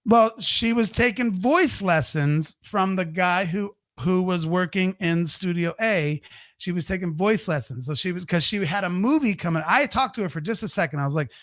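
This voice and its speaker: A man hosting a podcast, telling an anecdote in a casual, animated and profane way, acting out the voices of the people in it. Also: high-pitched, moderate pace, no room sound, clean studio sound. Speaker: podcast host. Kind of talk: casual storytelling.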